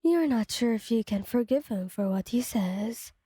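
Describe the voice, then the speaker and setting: A woman narrating a second-person fan story in a plain, steady read-aloud manner. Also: a little high, normal speed, breathy edge, no echo.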